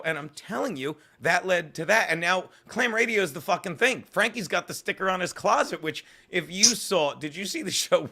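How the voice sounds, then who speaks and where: A male comedian telling rambling, profane stories in an interview. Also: fairly high pitch. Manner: fast, swearing, animated storytelling. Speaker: comedian guest.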